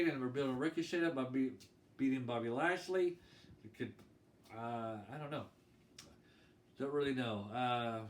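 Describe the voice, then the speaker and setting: A man's voice: medium pitch, a bit bright. A man giving a casual, rambling opinion monologue about wrestling, who gets worked up and indignant. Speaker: wrestling commentator vlogger. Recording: echoey room, mic far off, faint hiss.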